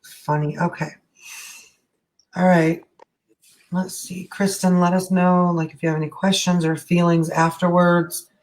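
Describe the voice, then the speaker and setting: A woman's voice: on the low side, level tone, a little slow, long pauses, a little mellow. A middle-aged woman leading a casual live energy-healing session, chatty and frank, with easy swearing. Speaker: energy healer.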